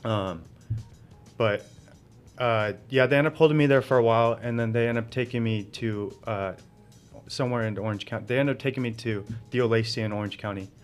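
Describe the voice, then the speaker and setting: A man's voice: mid-range voice, a little fast, smooth, faint music behind. A man guest telling his story in casual conversation, laughing often and filling with "like". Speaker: interview guest.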